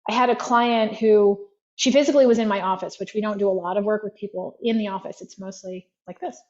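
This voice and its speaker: A woman's voice: medium pitch, steady tone, fairly quick, a little mellow, dull audio. A woman practitioner speaking as a guest, telling stories in an easy chatty way with many "like" fillers. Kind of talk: conversational storytelling.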